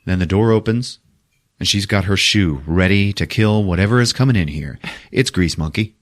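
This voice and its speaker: A man hosting a podcast, retelling a movie plot in a loose, profane, animated way and laughing at his own jokes. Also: low voice, moderate pace. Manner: profane, animated retelling with sudden character voices. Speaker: podcast host. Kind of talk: casual movie recap.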